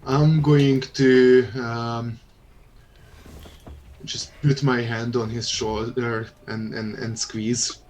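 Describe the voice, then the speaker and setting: A man's voice: medium pitch, level tone, extremely slow, darkish tone. A man with an ordinary mid-range voice takes part in a tabletop game. He speaks tentatively and checks with the table before his character acts, with faint noise in the background. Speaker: player. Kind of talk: casual tabletop game chat.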